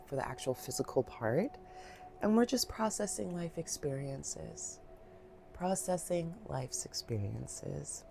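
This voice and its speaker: A woman giving a reflective guided Reiki talk, soft-spoken, heartfelt and rambling, with many fillers, a little emotional. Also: very deep voice, a little hiss or hum. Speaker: Reiki practitioner.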